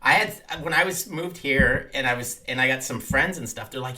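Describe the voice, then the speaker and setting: A man with a strikingly bright, forward voice, chatting easily with others. He tells small stories in a relaxed way with a dry humor running through them. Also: medium pitch, moderate pace, few pauses. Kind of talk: casual chat.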